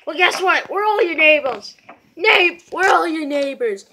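A woman's voice: extremely high pitch, expressive, unhurried, bright, forceful tone, a little hiss or hum. A woman with a sore throat doing playful, rambling voices in a homemade plush toy skit. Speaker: maker and voice of all the characters.

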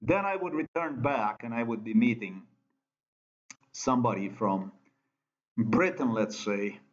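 A man's voice: mid-range voice, unhurried. Ranting Slovenian-accented man, lo-fi. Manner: ranting, profane, repetitive non-native phrasing. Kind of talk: angry monologue. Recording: dull lo-fi sound.

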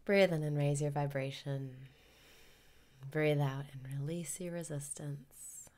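A woman leading a guided meditation parody in a soft, calm voice that drifts into whispers. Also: low voice, slow.

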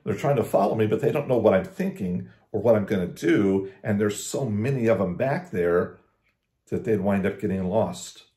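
A man giving a casual devotional talk as a pastor, conversational, with restarts and slow emphasis on scripture. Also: fairly low pitch, expressive, dark tone, roomy sound.

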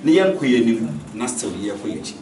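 A man preaching a sermon to a congregation, telling a Bible story in a lively, animated way and slipping English phrases into his speech. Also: medium pitch, a little fast, noisy background. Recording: echoey room from far off, with a congregation.

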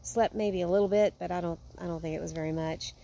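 A woman vlogging at home, talking in an earnest, heartfelt way that sometimes drifts soft and quiet. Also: lowish voice, steady tone, fast talker, creaky, slight background noise. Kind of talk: casual vlog monologue. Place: home with a yard.

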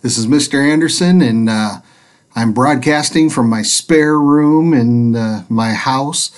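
A man, a teacher, reading a picture book aloud to children in a gentle, expressive way from a spare room at home. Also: medium pitch, slow pace.

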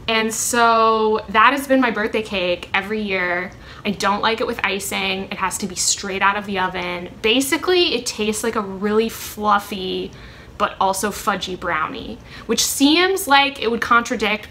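Young woman vlogger, bright tone, rambling chatty delivery, faint background hiss. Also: mid-range voice, a little slow. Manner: rambling, chatty, many ums and self-corrections. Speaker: vlogger answering a question tag. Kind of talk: casual chat.

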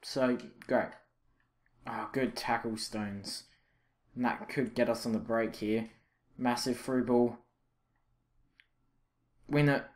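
A young man commentating his own football video game, reacting loudly and with frustration to misses and saves. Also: mid-range voice, steady tone, takes it slowly, pauses often. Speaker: gaming channel host. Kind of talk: live gameplay commentary.

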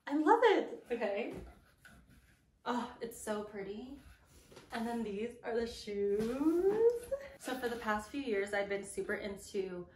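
A young woman who is an actor, gushing in a casual vlog from her messy bedroom. She talks excitedly and leans on "like" a lot. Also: fairly high pitch, takes it slowly. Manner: gushing, excitable, heavy use of "like". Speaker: actor and vlogger. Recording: echoey room, mic at a distance, background noise.

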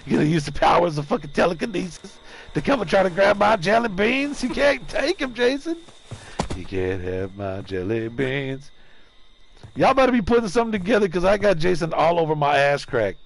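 A man streaming a game live, giving loud, excitable, profane commentary and taunting the enemy. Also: sits high, fast, creaky.

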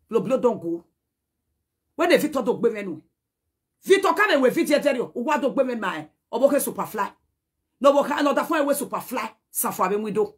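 With a slightly high voice that carries a breathy edge, this Nigerian woman, a social media personality, scolds and then pleads in a heated to-camera message. Her speech moves back and forth between Pidgin and a local language.

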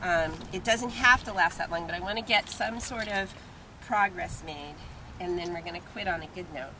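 A middle-aged woman explains dog training in an easy, practical way, pausing on ums between points. She is recorded outdoors, with clear background noise under her voice. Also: lowish voice. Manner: explains calmly with frequent ums, coos softly to the dog. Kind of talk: instructional demonstration.

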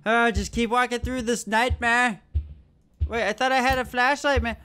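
High-voiced young man, nervous swearing gamer. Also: normal speed, smooth, soft background music. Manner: excitable, swearing, nervous joking. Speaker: gaming YouTuber. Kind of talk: horror game let's play commentary.

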